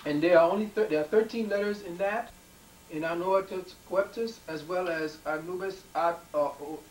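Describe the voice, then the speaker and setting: A man's voice: high-pitched, moderate pace. A man giving a rambling conspiracy talk, emphatic, with frequent ums and repeated words. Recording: echoey room, mic far off, faint noise.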